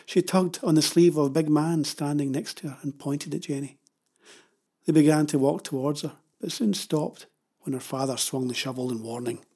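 A man reads a children's story aloud with steady drama. His voice is husky and pitched a little high for a man. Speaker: narrator. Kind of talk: storybook reading.

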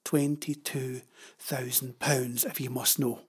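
A man's voice: mid-range voice, little pitch movement, takes it slowly, husky. A man voicing a spirited ten-year-old farm girl who flares up with indignation, in a storybook reading. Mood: anxious. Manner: heated, indignant outbursts.

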